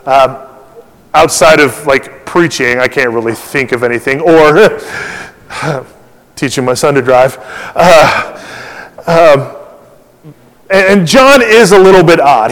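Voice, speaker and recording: A middle-aged man preaching a sermon as pastor, chatty and conversational, full of fillers and restarts, acting out quotes with animation. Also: a little high. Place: church sanctuary. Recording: long reverb of a church hall.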